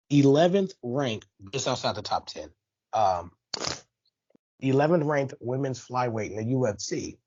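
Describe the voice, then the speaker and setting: A man on a sports podcast rants with a lively, swooping pitch, getting worked up and talking trash. His voice is a little husky, and the recording sounds dull and lo-fi. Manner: animated, heated, trash-talking. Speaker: podcast co-host. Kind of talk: casual ranting sports talk.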